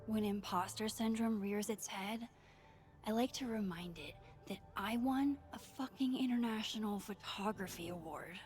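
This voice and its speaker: A woman's voice: medium pitch, normal speed, a little mellow, faint music behind, natural voice. A woman voicing a wry young photographer. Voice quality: swears under her breath, sardonic asides. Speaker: game protagonist. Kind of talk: video game voice acting.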